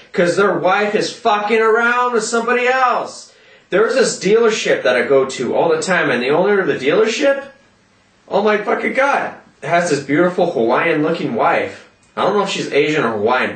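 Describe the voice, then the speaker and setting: A man ranting loudly in a vlog, cursing constantly and yelling as he talks, in a roomy echo from a distant mic. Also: fairly high pitch. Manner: profane, loud, yelling rant. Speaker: vlogger.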